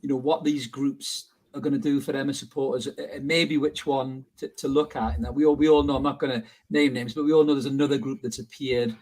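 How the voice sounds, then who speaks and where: A man's voice: mid-range voice, steady tone, brisk, few pauses, a little mellow. A man hosting a fan podcast, chatty and joking as he brings in his guest. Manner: jokey, chatty, addresses guest directly. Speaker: podcast host. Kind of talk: casual podcast chat.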